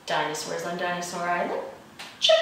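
Playful woman reading a storybook slowly. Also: on the low side. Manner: playful, expressive read-aloud with roars and chuckles. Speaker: children's librarian. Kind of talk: reading a picture book aloud to children. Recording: echoey room from far off, faint noise.

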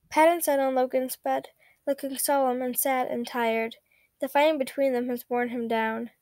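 A woman reads a story aloud in a high voice, at a steady pace with small slips she corrects as she goes. The sound is dry and close, with no room echo. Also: moderate pace. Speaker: fanfiction reader.

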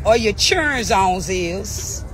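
A woman's voice: medium pitch, expressive, very slow, some chatter behind. A middle-aged woman livestreaming a profane, taunting rant, drifting into sing-song mockery. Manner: profane, taunting, heated trash talk. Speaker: social media personality.

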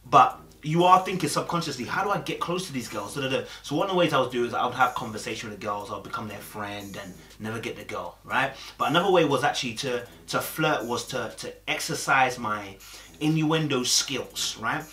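A man's voice: medium pitch, expressive, a little fast, bright, forceful tone, roomy sound. A young man talking casually to camera, chatty and streetwise, often checking in with "you understand?". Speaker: host.

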